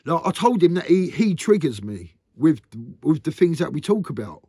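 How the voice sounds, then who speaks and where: A man speaks frankly to camera in a rambling confessional vlog, circling back on his points and dropping "mate" at the ends of lines. His voice sits a little higher than most men's, and the sound is close and dry with no room echo. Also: big pitch swings, moderate pace, mellow, breathy edge. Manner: rambling and earnest, often ending lines with "mate". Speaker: vlogger.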